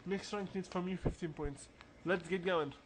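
A man's voice: sits high, steady tone, moderate pace, background noise. A man hosting a let's play, giving casual game commentary with joking, laughing asides.

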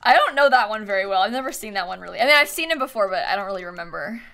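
Bright-voiced young woman streaming casually. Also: mid-range voice, lively intonation, rapid-fire, creaky. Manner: chatty, thanks viewers, frequent laughs and fillers. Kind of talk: casual live-stream chat.

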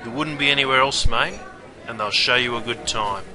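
A man's voice: mid-range voice, moderate pace, crowd noise, lightly acted. An Australian-accented man playing a brash, chummy pub barman who talks in slangy, matey banter. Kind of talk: scripted character narration.

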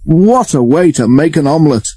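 A man's voice: a little high, animated, normal speed, mellow, husky, pitched above the performer's own voice. A man voicing a worried, grumbling male farmer in a storybook reading. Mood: rueful.

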